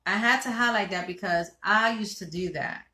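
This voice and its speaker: A playful, animated woman from Connecticut chatting as a co-host. Her voice sits at an ordinary middle pitch. The room around her is echoey. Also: normal speed. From Connecticut, USA. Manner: animated, playful, tells stories with acted quotes. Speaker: podcast co-host. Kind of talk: casual chat.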